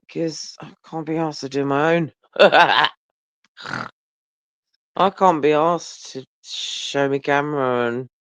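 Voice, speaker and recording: Taking it slowly with long pauses, a tired, yawning man rambles and swears in a casual chat with his livestream viewers, phone held very close. His fairly high voice is steady, smooth and fairly bright, while the phone audio is dull, lo-fi and dry with no echo.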